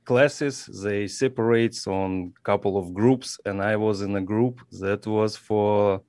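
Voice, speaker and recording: A man with a Russian accent, a guest speaking careful, halting English in a casual interview, pausing often to search for words. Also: on the low side, steady tone, a little mellow, no echo, clean studio sound. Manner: halting non-native English with searching pauses. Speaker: guest musician. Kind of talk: casual interview over a video call.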